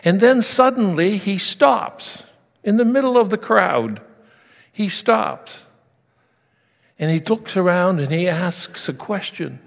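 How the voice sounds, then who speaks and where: A man's voice: sits high, sing-song, a little slow, husky, big-room sound. A man preaching a sermon, telling stories and asking his listeners direct questions.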